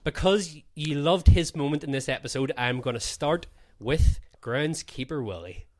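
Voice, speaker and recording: A man's voice: on the high side, normal speed, a little mellow. A man hosting a casual podcast, playful and teasing as he runs a game with his co-host. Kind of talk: casual chat.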